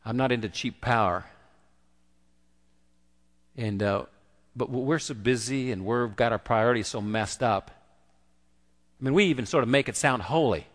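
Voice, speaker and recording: A man's voice: mid-range voice, moderate pace, long pauses, in a large hall. A man preaching a conversational sermon and acting out the quoted voices. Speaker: pastor.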